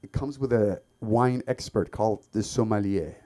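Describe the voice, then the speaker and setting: A man from the Middle East performing an open mic stand-up set, with lots of ums and bursts of loud shouting. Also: on the low side, normal speed. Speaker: stand-up comedian. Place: comedy club stage.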